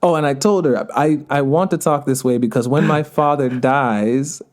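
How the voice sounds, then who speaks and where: Podcast guest, male, thirties, light Jamaican lilt, earnest and rambling, mid-pitched. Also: moderate pace. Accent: Jamaican patois touches. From United States. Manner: earnest, digressive, laughs mid-sentence. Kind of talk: conversational interview.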